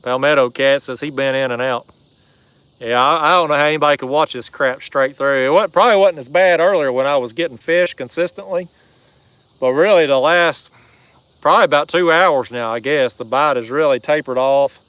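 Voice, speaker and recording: A man's voice: on the high side, fairly quick, a bit bright, smooth, no room sound, rough recording. A man hosting a fishing livestream from a kayak, chatting casually and reading out viewer comments in a folksy drawl. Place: kayak on a river outdoors.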